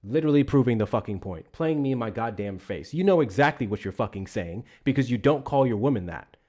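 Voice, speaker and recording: A man's voice: medium pitch, lively intonation, brisk, mellow. A man hosting a live call-in politics stream, arguing bluntly with callers, swearing often and stumbling over repeated words.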